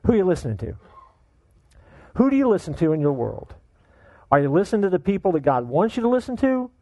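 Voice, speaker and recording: A man preaching a sermon as pastor, animated and joking, firing off rhetorical questions at his congregation. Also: high voice, quick pace, dry recording, rough recording.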